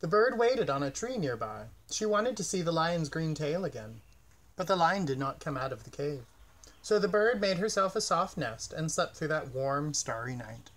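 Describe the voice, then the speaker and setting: Expressive man reading a picture book. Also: on the high side, moderate pace. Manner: gentle, expressive storytelling. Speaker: storyteller. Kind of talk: children's picture-book read-aloud.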